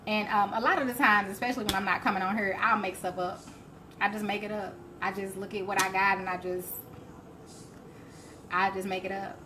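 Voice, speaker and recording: A woman's voice: medium pitch, steady tone, brisk. A woman hosting a live cooking stream, chatting and laughing as she answers viewer comments. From Alabama, US. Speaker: cooking show host. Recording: faint background noise.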